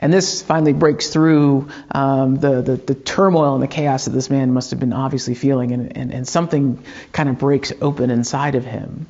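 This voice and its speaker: A man's voice: medium pitch, steady tone, normal speed, a little mellow, lo-fi sound. Hesitant conversational male pastor. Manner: conversational, hesitant with many fillers and restarts. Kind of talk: sermon.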